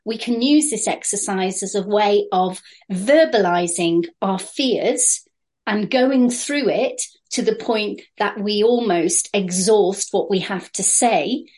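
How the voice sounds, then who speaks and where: A woman explaining a therapy exercise in a training session, calm and steady with occasional fillers. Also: medium pitch, slow.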